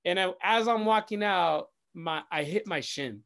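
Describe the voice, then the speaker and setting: Male DJ guest, high-pitched, expressive storyteller who swears and acts out dialogue. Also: measured pace, vocal fry. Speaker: DJ and radio host, interview guest. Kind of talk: animated storytelling in casual chat.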